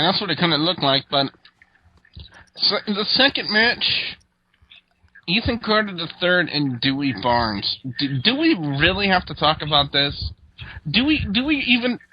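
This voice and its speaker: A man hosts a laid-back wrestling review, recapping events in a rambling way full of fillers. His voice sits a bit high, and the podcast audio is dull and lo-fi. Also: husky. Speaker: host. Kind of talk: casual wrestling review chat.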